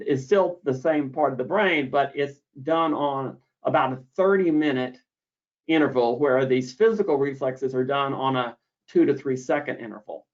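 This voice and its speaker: A man giving an explanatory lecture on a treatment, deliberate and repeating key words for emphasis. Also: medium pitch. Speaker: misophonia therapist explaining treatment. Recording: dull lo-fi audio.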